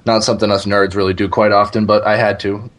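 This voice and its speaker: A man's voice: fairly low pitch, flat delivery, a little fast, a bit bright. A man co-hosting a podcast, laid-back and joking in casual chat. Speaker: podcast co-host.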